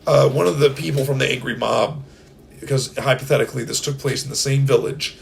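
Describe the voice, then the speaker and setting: A man co-hosting a podcast, telling a rambling comic story in a casual, animated way and slipping into silly voices. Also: medium pitch, a little fast, gravelly, a little hiss or hum. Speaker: podcast co-host. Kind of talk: casual comedic chat.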